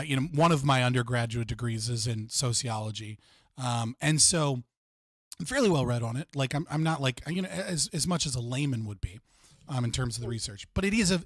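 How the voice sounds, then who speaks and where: Medium in pitch and brisk in pace, a young American man hosts a casual livestream chat, rambling and saying "like" constantly. The audio is dry and of studio quality.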